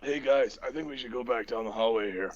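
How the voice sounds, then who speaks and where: A man's voice: mid-range voice, a little fast, a loud crowd. A man playing in a tabletop game, talking hesitantly and repeating words while he plans. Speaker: player. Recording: dull lo-fi voice chat audio.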